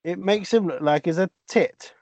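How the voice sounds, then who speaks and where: A man's voice: high voice, moderate pace, a little mellow, no echo. Wry laughing man on a dry recording. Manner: wry, laughs often, reads out news stories. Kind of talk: comic banter. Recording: dry, dull lo-fi sound.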